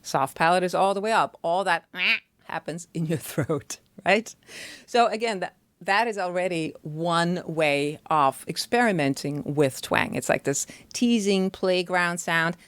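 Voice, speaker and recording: A woman's voice: on the low side, unhurried, dry recording. A woman voice teacher explaining singing technique in a chatty, step-by-step way, often checking in with the listener.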